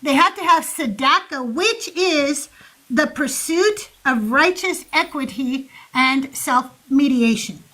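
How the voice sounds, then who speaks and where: A woman's voice: high-pitched, takes it slowly, low-quality recording. A woman co-hosting a casual podcast chat, telling stories animatedly, swearing freely and acting out what others said. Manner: animated storyteller, swears freely, acts out quotes. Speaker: co-host.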